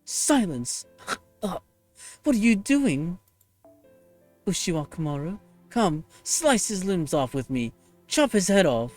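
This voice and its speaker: A man's voice: high-pitched, big pitch swings, takes it slowly, pauses often, faint music behind, exaggerated voice. A man voicing a scornful, vengeful young female warrior, reading game dialogue aloud with raging threats. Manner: raging, contemptuous, shouting threats.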